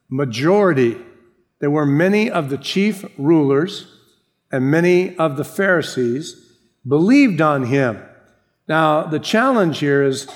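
Animated preaching man. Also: a little high. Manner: animated preaching, acting out quotes. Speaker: pastor. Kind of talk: sermon.

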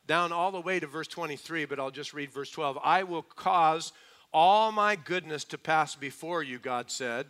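A man preaching a sermon to a congregation, asking them questions and swinging between hushed, quick asides and slow, emphatic lines. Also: a little high. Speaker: pastor.

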